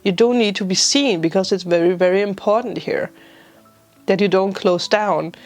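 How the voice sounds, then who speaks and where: A woman in the middle of a spiritual tarot reading, her voice teary and full of emotion. She laughs through the tears while offering gentle, reassuring guidance to her viewers. Faint music plays behind her mid-pitched voice. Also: moderate pace. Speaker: tarot reader.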